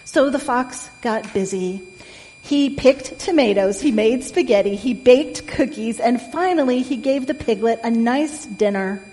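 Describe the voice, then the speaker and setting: A woman reading a picture book aloud in a gentle way, asking the listener questions, recorded in an echoey room with a faint hum. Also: a little high, measured pace. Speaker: storyteller.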